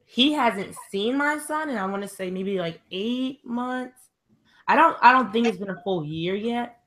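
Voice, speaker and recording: A woman's voice: a little high, lively intonation, a little slow, a bit bright. A woman in casual chat, candid and hesitant, with lots of "like" as she talks. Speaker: discussion guest.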